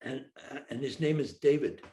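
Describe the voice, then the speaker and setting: A man's voice: medium pitch, moderate pace, reverberant. An older man, a guest in an interview, telling a funny anecdote and acting out each voice in it. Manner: animated storyteller, acts out dialogue with a lively voice. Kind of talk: storytelling anecdote.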